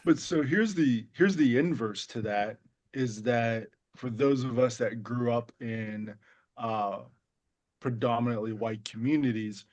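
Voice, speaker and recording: A man co-hosting a podcast, talking in a relaxed, conversational way with casual fillers. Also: medium pitch, measured pace. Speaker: podcast co-host. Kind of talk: casual chat.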